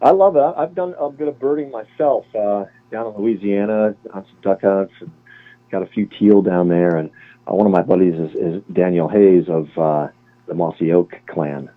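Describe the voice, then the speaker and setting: A man in his forties from Cleveland, a guest on an interview, talking in a relaxed, chatty way and often correcting himself. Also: low voice, normal speed. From Cleveland, Ohio. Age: 40s. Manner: relaxed, chatty, laughs easily, self-correcting. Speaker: guest, former Navy sniper. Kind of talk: casual interview chat. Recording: tinny phone-line audio.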